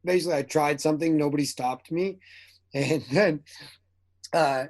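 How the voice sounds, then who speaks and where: Male actor guest, animated storyteller, fairly high voice. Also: normal speed. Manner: animated storyteller who acts out quotes, laughs often. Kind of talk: casual interview chat.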